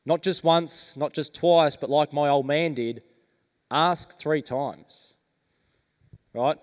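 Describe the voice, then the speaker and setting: A man's voice: on the high side, slow pace. A man giving an earnest, rallying motivational talk on stage as a keynote speaker. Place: large conference hall. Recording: reverberant conference hall.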